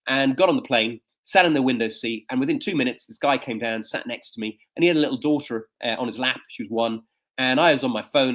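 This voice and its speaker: A man in his fifties, a coach and speaker, telling personal stories in an interview with frequent fillers and restarts. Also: mid-range voice. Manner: animated storyteller with frequent fillers. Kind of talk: conversational interview storytelling.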